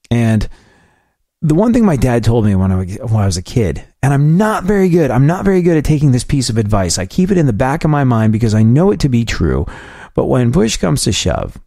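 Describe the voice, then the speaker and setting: A man hosting a radio-style talk show, telling long family anecdotes in a casual, animated way. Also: dry recording, clean studio sound. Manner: animated anecdote-telling, quotes his dad in a lower voice. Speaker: host. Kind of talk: casual storytelling chat.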